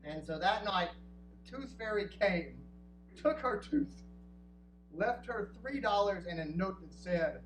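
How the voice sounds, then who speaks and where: A man in his thirties telling a funny true story on stage, lively and quick to slip into acted voices. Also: high voice. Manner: animated, jumps into acted voices. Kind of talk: live comic storytelling. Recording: roomy distant live recording with hum.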